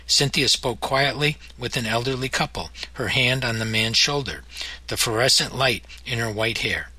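A man narrating his memoir in a measured, somber audiobook reading. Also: mid-range voice, bright, forceful tone, husky, dry recording, poor audio.

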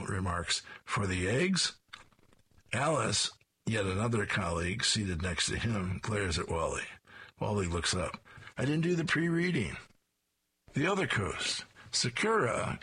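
A man with a strongly raspy, husky voice that sits fairly low yet has a forceful, bright edge. He reads newspaper comic strips aloud panel by panel, dropping in amused little asides between them. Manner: descriptive, with chuckled asides.

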